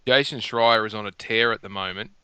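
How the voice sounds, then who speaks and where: A middle-aged man, hosting a casual gaming podcast and rambling through animated stories. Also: fairly low pitch, brisk, clean tone, no echo, dull audio. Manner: rambling, animated storytelling with restarts. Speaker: podcast host. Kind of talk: casual chat. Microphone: headset.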